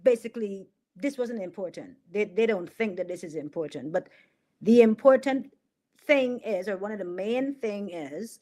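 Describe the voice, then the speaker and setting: A woman's voice: mid-range voice, darkish tone. A middle-aged woman hosting a political commentary livestream, sarcastic and mocking, hammering points home with repetition. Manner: sarcastic, mocking, laughs at her own jokes; emphatic repetition.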